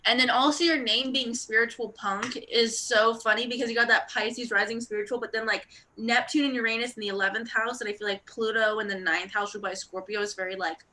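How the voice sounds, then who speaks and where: A woman's voice: fairly high pitch, fairly quick, few pauses, a little hiss or hum. A young woman co-hosting a casual astrology chat, rambling through readings with lots of fillers. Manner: rambling, filler-heavy, animated. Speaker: astrologer co-host.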